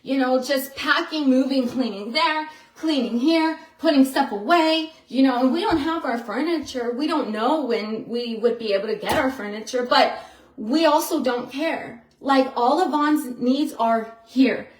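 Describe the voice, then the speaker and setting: A woman with a high voice chats to her viewers in a relaxed, unhurried way. She is excitable and loose, peppering her talk with fillers. Her voice rings in an echoey room. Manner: chatty, with frequent fillers like "you know" and "like"; excitable storyteller who acts out quotes. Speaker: vlogger. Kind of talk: casual vlog monologue.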